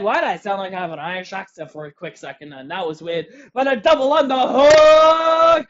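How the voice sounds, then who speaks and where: An excitable wrestling commentator calls every move of the match, bursting into shouts whenever a big hit lands. The pitch sits in the middle range. The audio is dull and lo-fi. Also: normal speed. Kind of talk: play-by-play commentary.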